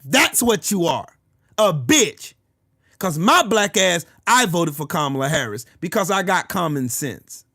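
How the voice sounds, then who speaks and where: Furious profane man ranting, high-pitched. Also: big pitch swings, a little slow. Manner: furious, profane, shouting at commenters. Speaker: live-stream host. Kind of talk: angry political rant to live chat.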